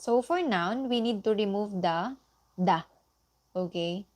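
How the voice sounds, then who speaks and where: A woman's voice: slow, a little mellow. A woman whose first language is Tagalog, teaching a Japanese lesson online in a patient, explaining way, often checking with "okay?". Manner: lifts her pitch sharply for example sentences.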